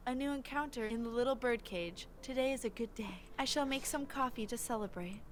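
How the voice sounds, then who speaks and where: A swaggering male bird regular who drawls in a clumsy Southern US accent and brags about his seat, as a woman voices him. He sounds slightly high, with a faint hiss of noise behind. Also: brisk, natural voice. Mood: boastful. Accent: attempted Southern US.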